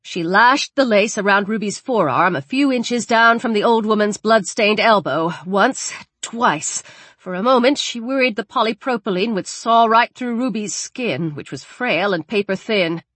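A woman reading a thriller audiobook aloud with expressive, varied delivery. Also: mid-range voice, normal speed, dry recording. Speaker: audiobook narrator. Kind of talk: scripted audiobook narration.

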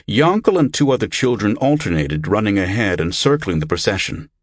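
A man narrating a story as an audiobook in an expressive storytelling manner. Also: lowish voice, fairly quick, dry recording, studio quality.

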